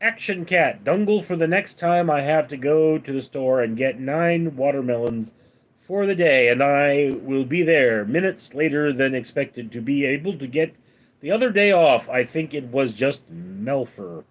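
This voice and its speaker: A man hosting a late-night live stream, reading viewer comments aloud and answering them with deadpan one-liners. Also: medium pitch, unhurried. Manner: deadpan quips between read-out comments. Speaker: livestream host reading chat.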